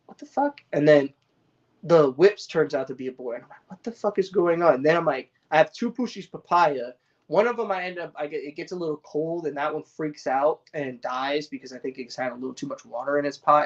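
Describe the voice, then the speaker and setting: A man's voice: on the high side, fairly quick, lo-fi sound. A man chatting casually on a live stream, rambling and swearing, full of slang and restarts. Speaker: cannabis grower streaming to viewers. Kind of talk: casual livestream chat.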